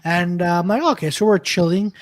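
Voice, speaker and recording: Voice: mid-range voice, moderate pace, dry recording. A podcast co-host telling a rambling story, full of hesitant ums and uhs. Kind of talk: casual storytelling.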